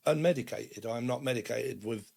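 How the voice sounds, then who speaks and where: A British man giving a rambling, casual tarot reading to camera, tagging his points with "okay" and "right" and acting out quick quoted voices. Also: mid-range voice, creaky, a little mellow. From Britain. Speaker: tarot reader.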